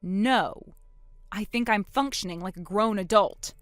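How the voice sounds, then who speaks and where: A woman's voice: medium pitch, measured pace, dry recording, clean studio sound, soft background music. Sarcastic woman narrating a text story. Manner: sharp, sarcastic comebacks.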